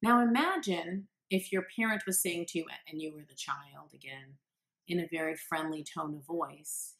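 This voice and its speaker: A woman parenting coach with a low voice and a fairly bright tone speaks at normal speed. Addressing parents directly on camera, she gives earnest, encouraging advice and acts out her quotes.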